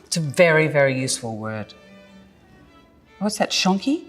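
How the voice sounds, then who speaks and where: Australian actress, low voice, very animated delivery, playful and self-mocking, long reverb with faint music behind. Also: female voice. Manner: jokey, self-mocking, drawn-out words. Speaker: actress explaining slang. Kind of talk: playful scripted explainer.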